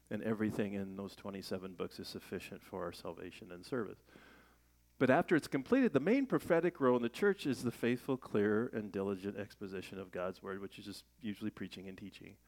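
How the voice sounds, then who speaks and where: A middle-aged man preaching a sermon in a conversational way, asking rhetorical questions and raising his voice for emphasis. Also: medium pitch. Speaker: pastor.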